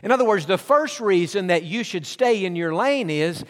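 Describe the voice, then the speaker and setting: A man with a high-pitched voice preaches a sermon, pressing his points with repeated refrains. His words ring out with a long reverb from a large hall. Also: lively intonation, moderate pace. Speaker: pastor.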